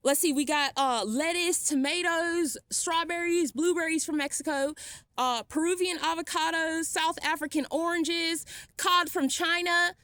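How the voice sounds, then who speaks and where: A woman's voice: very high-pitched, steady tone, a little slow, pushed and bright, dry recording. A woman vlogging a defiant, sarcastic rant, blunt and swearing freely. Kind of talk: ranting vlog monologue.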